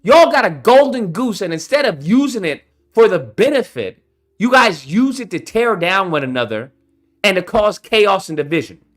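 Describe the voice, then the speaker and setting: Speaking to camera on his own channel, this man unleashes a heated, profane rant that confronts his viewers directly. He has a high, sing-song voice, a touch bright, delivered at an ordinary pace.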